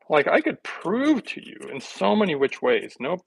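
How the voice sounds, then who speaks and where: A man's voice: a little high, wildly swooping pitch, moderate pace, gravelly, husky, poor audio. A man hosting a live health podcast, telling stories in a chatty way and quoting other people between laughs. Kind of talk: casual live podcast monologue.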